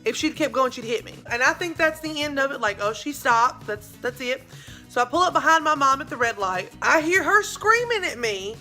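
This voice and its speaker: A young woman telling a dramatic story in a casual vlog, with lively asides to her viewers. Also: sits high. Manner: animated, dramatic retelling with asides. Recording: faint background music.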